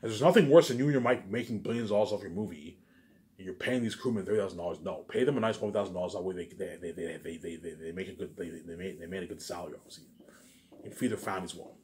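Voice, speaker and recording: A vlogger with a low, darkish voice rambles fast through a daydream monologue. He stumbles over restarts and keeps saying "obviously" and "you know what I'm saying."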